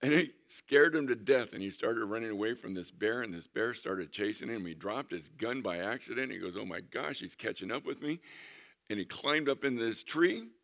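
A man's voice: fairly low pitch, lively intonation, normal speed, few pauses, fairly bright tone. A man in his sixties, a pastor preaching a conversational sermon with humorous storytelling in a church. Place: church sanctuary.

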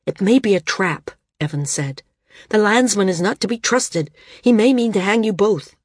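A woman reading a sorrowful, measured man. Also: mid-range voice, breathy edge, dry recording, clean studio sound, voice pushed up, close to an everyday voice. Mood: warning. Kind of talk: audiobook character reading.

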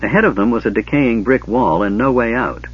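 A man narrating a fantasy novel in a measured, even storytelling style. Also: medium pitch, breathy edge. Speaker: audiobook narrator. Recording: dull lo-fi audiobook recording.

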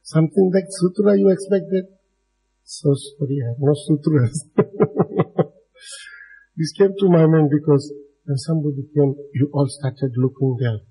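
This dharma teacher's voice is on the high side, mellow and husky, and he speaks a little slowly with frequent pauses; the audio is poor. Addressing a live audience in broken English that isn't his first language, he chuckles often.

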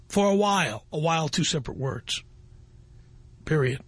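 A man's voice: high voice, very animated, normal speed, fairly bright tone, no echo. A man hosting a talk radio show, reading a listener's message aloud and mocking it with sarcastic scolding.

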